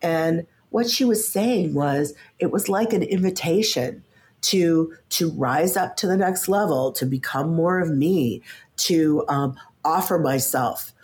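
Low-voiced woman in her fifties, animated. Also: slow pace. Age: 50s. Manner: animated, stammers at starts, acts out quoted voices. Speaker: podcast guest, coach and author. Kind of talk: casual interview chat.

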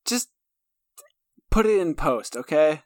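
Woman, low-pitched, unhurried, giggly, self-mocking, dry close sound. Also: big pitch swings, a little mellow, no echo. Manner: giggly, self-mocking, stumbles while reading aloud. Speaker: podcast co-host. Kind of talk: casual chat.

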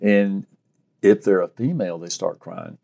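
A man's voice: low-pitched, a little slow, vocal fry. A man who works as a private investigator, telling stories in an interview and acting out the quotes with life. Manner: animated storyteller, acts out quotes. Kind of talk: interview storytelling.

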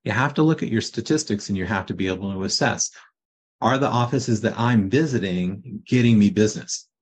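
A man's voice: lowish voice, a little fast, breathy edge. A man hosting a coaching podcast, telling stories in a casual, conversational way and often tagging his points with "right?". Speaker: practice coaching podcast host.

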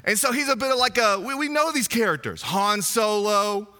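A male pastor, preaching a sermon in an animated, conversational way full of asides. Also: high voice, normal speed.

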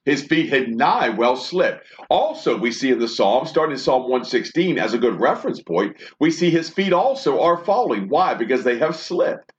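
Male Bible teacher, earnest, animated pitch, dull lo-fi sound. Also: moderate pace, few pauses. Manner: earnest, reads verses then expounds. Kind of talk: Bible study teaching, reading scripture aloud. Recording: dull lo-fi recording.

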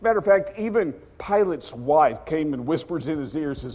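A man preaching a sermon as a dramatic story, acting out the characters with sudden loud outbursts. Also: on the high side, lively intonation, normal speed, hardly any pauses, long reverb tail, slight background noise.

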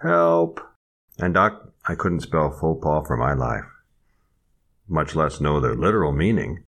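Deep, lively older Midwestern man. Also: measured pace. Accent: Midwestern American. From American Midwest. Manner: animated, teasing, theatrical. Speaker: podcast co-host. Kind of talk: casual comic chat and storytelling.

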